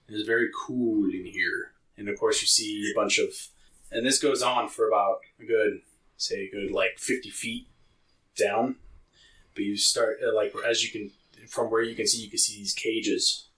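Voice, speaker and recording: A man's voice: lowish voice, bright, forceful tone, low-quality recording. A man running a tabletop game, narrating loosely with many fillers. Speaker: game master.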